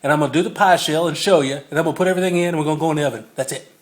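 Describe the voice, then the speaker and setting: Man, light higher voice, laughs at his own jokes while cooking, phone recording in a roomy kitchen. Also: rapid-fire. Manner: chatty, jokey, laughs often. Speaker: home cook filming a recipe video. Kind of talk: casual cooking demo. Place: home kitchen. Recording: echoey kitchen on a phone mic.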